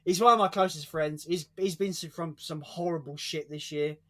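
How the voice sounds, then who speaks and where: A man's voice: fairly high pitch, fairly even intonation, moderate pace, a bit bright. A man with a British accent chatting casually on a stream, swearing freely and tripping over his words. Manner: swears freely, stumbles and repeats words, laughs mid-story. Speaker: co-host. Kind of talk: casual chat.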